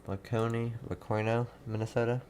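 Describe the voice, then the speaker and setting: A young man hosting a live storm-coverage stream, casually reading out viewers' towns and warnings, halting now and then. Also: medium pitch, flat delivery, a little mellow, a little hiss or hum. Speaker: livestream weather host.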